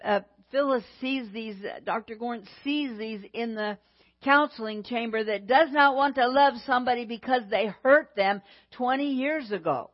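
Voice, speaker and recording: A woman preaching a sermon in a deliberate, emphatic way, repeating phrases for weight. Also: fairly high pitch, highs cut off.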